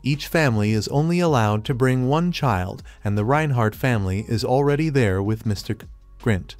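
A man narrating a fantasy story recap in a flat, even third-person retelling. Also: mid-range voice, moderate pace, dry recording. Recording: faint music behind. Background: soft background music.

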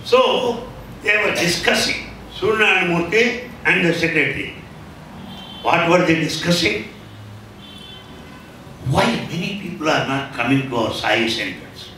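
A man's voice: fairly high pitch, lively intonation, unhurried, long pauses, pushed and bright, a little hiss or hum. A middle-aged man with an Indian English accent, telling a devotional story as a spiritual speaker in an emphatic, repetitive, lecturing way. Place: large hall. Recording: echoey hall from far off.

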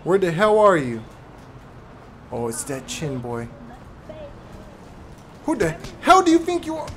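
A man's voice: on the high side, wildly swooping pitch, slight background noise, voice pushed down, exaggerated voice. Tyrone, a man voicing a brash trash-talker. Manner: swaggering, taunting, quick to yell. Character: brash trash-talking male cartoon guy, hotheaded. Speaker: streamer. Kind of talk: voiced live gameplay stream.

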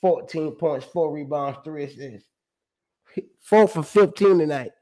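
A man's voice: fairly high pitch, unhurried, darkish tone. A man hosting his own sports show, talking casually and animatedly, reading out stats with slang, profanity and emphatic repeats.

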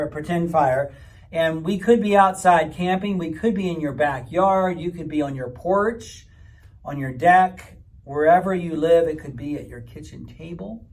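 A man, a pastor, gently explaining ideas to children at a church camp in a rambling, friendly way. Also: a little high. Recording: mic from far off.

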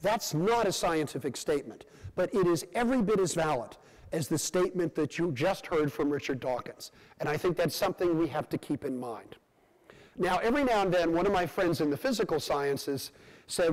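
A man with a high-pitched voice lectures from a podium microphone, delivering his points phrase by phrase with deliberate pauses. His words ring out with the long reverb of a large lecture hall. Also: lively intonation. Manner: measured, phrase by phrase with rhetorical pauses. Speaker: plenary lecturer, scientist. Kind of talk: public lecture.

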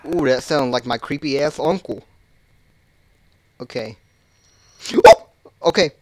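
A man's voice: mid-range voice, slow. A man hosting a gaming channel, casually joking and cursing through a horror game and yelping at scares. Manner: casual, joking and cursing, jumpy, bursting into loud yelps. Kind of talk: horror game let's play commentary.

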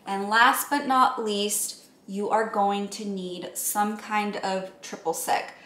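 A woman casually chatting through a home cocktail how-to, relaxed and full of ums and likes. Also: mid-range voice, slow, echoey room.

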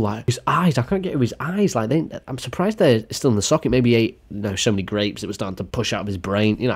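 A man's voice: on the low side, a little mellow. A man doing a crude, sarcastic comedic reaction commentary as a YouTuber.

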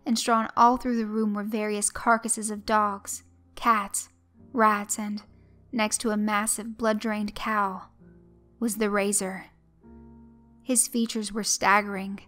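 A woman narrating a horror story in a measured, even way. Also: medium pitch, soft background music.

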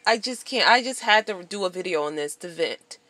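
A woman's voice: on the low side, fairly quick, no room sound. Blunt, profane woman venting. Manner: blunt, profane, animated storytelling. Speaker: vlogger. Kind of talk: venting monologue to camera.

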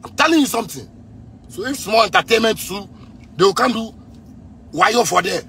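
Ghanaian man, 30s, raspy-edged bright voice, furious repetitive street rant aimed at the president. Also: high voice, expressive, moderate pace, slight background noise. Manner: heated, repetitive, bursts into shouting. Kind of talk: angry rant addressed to the president.

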